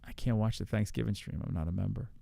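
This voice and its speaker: A man's voice: fairly low pitch, fast talker, creaky, warm tone, no room sound. A man hosting a podcast, chatting casually and profanely while reacting to online streams, often laughing. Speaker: podcast host.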